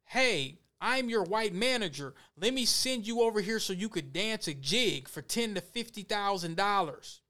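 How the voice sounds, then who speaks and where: A man's voice: high voice, expressive, normal speed, few pauses, bright, forceful tone. A man mocking a smug male music manager. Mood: condescending.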